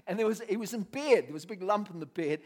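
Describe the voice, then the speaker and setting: A man's voice: high-pitched, expressive, quick pace, a little mellow. A man preaching a sermon, telling a story with lots of laughter and acted-out voices.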